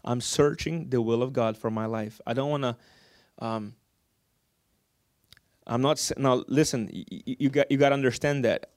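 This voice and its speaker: A man's voice: medium pitch, normal speed, long pauses, a little mellow, dry recording, clean studio sound. A man preaching a sermon, calling out to his congregation for amens.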